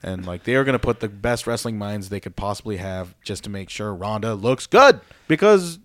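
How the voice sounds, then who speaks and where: A man's voice: lowish voice, lively intonation, normal speed, no echo, clean studio sound. A man co-hosting a casual podcast, talking in a sarcastic, rambling way with swearing. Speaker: podcast co-host. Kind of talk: casual chat.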